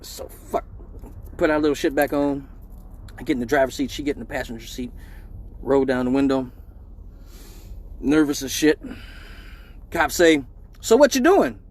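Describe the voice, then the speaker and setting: Speaking at medium pitch and a moderate pace with long pauses, a middle-aged live show host tells a profane story. He's casual and animated, performing the voices in his tale.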